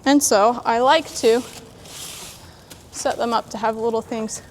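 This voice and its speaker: Calm woman horse trainer, slightly high voice. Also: a little slow, noisy background. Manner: calm, plainspoken, talks to the horse in between. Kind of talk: training demonstration. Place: sandy horse arena.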